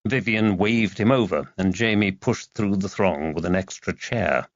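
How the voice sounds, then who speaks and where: Male narrator, low voice, expressive, dull dry lo-fi sound. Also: measured pace, no echo. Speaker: audiobook narrator. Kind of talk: scripted narration.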